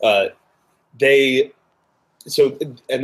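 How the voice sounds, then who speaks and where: A man's voice: on the low side, moderate pace, husky. A man co-hosting a casual tasting chat over a video call, explaining things hesitantly with lots of fillers. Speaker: co-host of a drinks tasting show.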